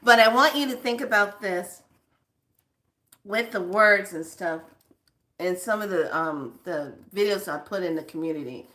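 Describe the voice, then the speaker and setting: A woman's voice: mid-range voice, a little slow, fairly bright tone. A woman vlogger chatting casually with her viewers, laughing often and swearing for emphasis. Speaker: spiritual vlogger.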